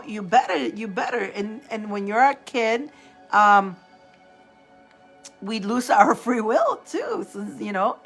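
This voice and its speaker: A woman's voice: mid-range voice, a bit bright. Chatty woman from Italy, laughing often. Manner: chatty, laughs often, greets viewers by name. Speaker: tarot reader hosting a live stream. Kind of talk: casual live-stream chat.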